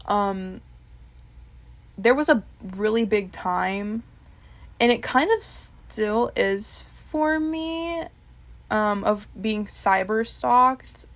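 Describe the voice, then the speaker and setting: Gravelly-voiced young woman venting casually. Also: mid-range voice, animated, extremely slow. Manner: candid, swears often, laughs at herself. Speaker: vlogger. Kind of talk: casual confessional chat.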